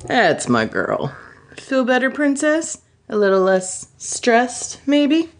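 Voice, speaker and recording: A woman voicing a cocky, smirking male space smuggler in a comic fan fiction read-aloud, lively and teasing. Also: a little high, slow pace, pitched above the performer's own voice.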